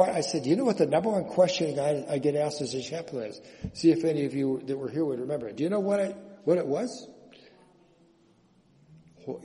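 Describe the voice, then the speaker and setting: A man's voice: a little high, dark tone, long reverb tail. A man preaching a sermon as a chaplain, conversational and full of rhetorical questions to the congregation.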